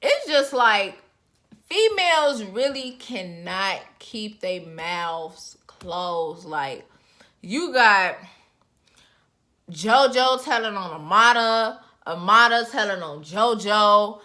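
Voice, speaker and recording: A young woman reviewing a reality show in casual, expressive chat, her voice jumping up in pitch as she reacts. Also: takes it slowly. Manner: chatty, expressive, with sudden pitch jumps.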